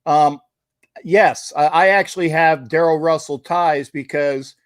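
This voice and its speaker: A man hosting a casual interview, telling a story in an animated way over a video call. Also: fairly high pitch, unhurried, no echo, studio quality. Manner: animated storyteller, acts out quotes excitedly. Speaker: podcast host.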